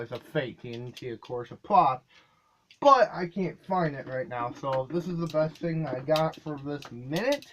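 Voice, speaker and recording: There's a little hiss or hum behind this man's fairly bright, high-leaning voice. A video creator, he offers a loose behind-the-scenes account of making his comedy videos, meandering a bit and catching and fixing his own mistakes.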